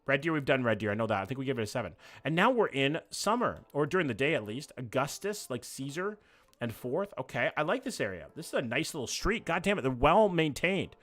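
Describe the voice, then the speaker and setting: A man, chatting casually and quickly as he reacts to places live on stream and talks to his chat. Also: mid-range voice, sing-song, a bit bright. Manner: fast, casual, swears freely.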